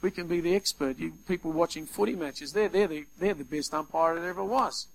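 A man preaching a sermon, lively, acting out little scenes as he talks. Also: on the high side, fairly quick, vocal fry, low-quality recording. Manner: animated, acts out little scenes in quoted voices.

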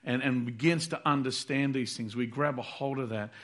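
A man's voice: mid-range voice, steady tone, moderate pace, fairly bright tone. Earnest man preaching a sermon. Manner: earnest, repetitive, acts out prayers aloud.

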